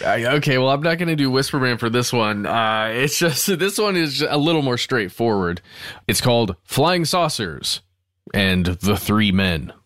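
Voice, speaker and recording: A man's voice: medium pitch, lively intonation, normal speed, fairly bright tone, dry recording, clean studio sound. A man co-hosting a podcast who talks casually, laughs easily, and reads quotes with expression. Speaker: podcast co-host. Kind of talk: casual conversation, reading quotes.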